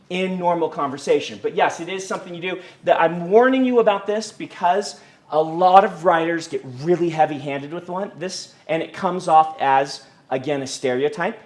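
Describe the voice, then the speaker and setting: A man teaching a university writing class, casual and conversational, with frequent ums and restarts. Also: on the high side. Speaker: writing instructor. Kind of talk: university lecture. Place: lecture hall.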